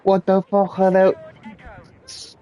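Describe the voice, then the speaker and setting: A man's voice: medium pitch, flat delivery, moderate pace, dark tone, natural voice. A man voicing a stern, sweary male army platoon sergeant who barks at recruits. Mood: barking angry. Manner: gruff, barking, sweary.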